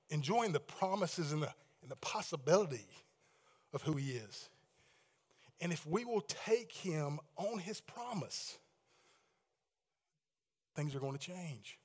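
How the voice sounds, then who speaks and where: A man preaching a sermon in a church, reading scripture aloud with the congregation, praying quietly and asking them to raise their hands. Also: sits high. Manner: leads congregation in call-and-response readings and hand-raising; swings between loud proclaiming and hushed prayer. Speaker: pastor. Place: church sanctuary with balcony.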